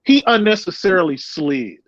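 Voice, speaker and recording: A man calling in to a casual sports talk show, heated and profane, with quick apologetic asides. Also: high voice, very animated, a bit bright, dry recording, muffled recording.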